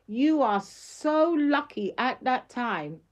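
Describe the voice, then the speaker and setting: A woman's voice: high-pitched, very animated, takes it slowly. A middle-aged woman, talking on a casual live stream in an emphatic, slangy way and laughing often.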